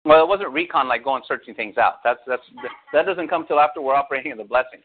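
A male pastor preaches to his congregation at a fast clip, his medium-pitched voice firing off one rhetorical question after another. The audio is narrow and phone-like.

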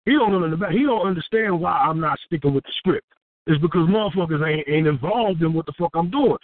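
A man from Houston, a rapper, telling a story in a casual interview, profane and animated, acting out what people said. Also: a little high, fast, no echo. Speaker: rapper and guest. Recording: tinny phone-like dry sound.

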